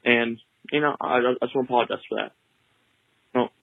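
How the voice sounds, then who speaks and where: A laid-back man with an Arkansas Southern accent, calling in with a joking manner. He comes through a tinny phone line with a dry sound and a mid-pitched voice. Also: fairly even intonation, fairly quick, creaky, dry recording. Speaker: caller. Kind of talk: phone call-in.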